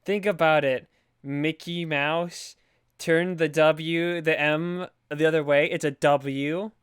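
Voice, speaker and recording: A man's voice: on the high side, steady tone, slow pace, clear, resonant tone, no echo, clean studio sound. A man co-hosting a podcast, recapping a movie with goofy sarcasm and silly theories. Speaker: podcast co-host. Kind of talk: casual movie recap chat.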